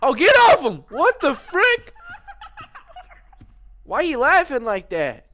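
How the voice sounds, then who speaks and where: A man hosting a horror game let's-play, commentating as he goes, yelping and shouting at scares and muttering to himself in between. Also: very high-pitched, wildly swooping pitch, takes it slowly, slight background noise. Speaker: gaming channel host.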